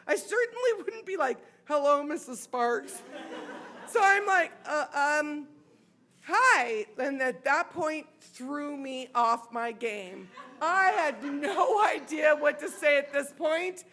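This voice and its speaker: American woman in her 40s telling a story on stage, high bright voice, unhurried, acts out the voices. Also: animated. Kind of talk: live personal storytelling on stage. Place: sports bar stage.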